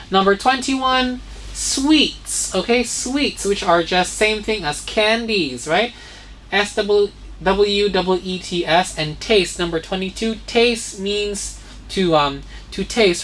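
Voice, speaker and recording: A woman's voice: medium pitch, a bit bright, slight background noise. A woman teaching young learners vocabulary, spelling each word letter by letter and checking in with "okay?" and "right?". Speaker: English teacher. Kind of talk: children's vocabulary lesson.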